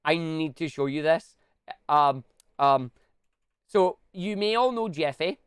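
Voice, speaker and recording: A young man chatting casually on a live stream, excitable and prone to loud bursts of enthusiasm. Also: a little high, slow pace, clear, resonant tone, dry recording.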